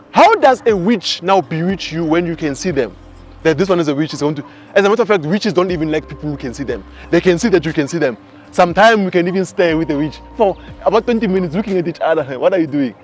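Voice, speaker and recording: A man in his twenties with a South African accent, giving a casual, animated spiritual teaching talk. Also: sits high. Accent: South African English. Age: 20s. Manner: animated storyteller.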